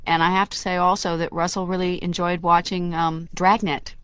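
A woman dialect coach on radio, talks crisp and precise, lowish smooth voice, dry studio sound. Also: flat delivery, moderate pace, fairly bright tone, dry recording. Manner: articulate and precise, explaining her craft. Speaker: dialect coach, interview guest. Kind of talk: radio interview.

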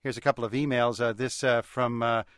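A man's voice: medium pitch, steady tone, brisk, a bit bright, no room sound. A man hosting a radio talk show, easygoing and lightly amused. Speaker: radio host.

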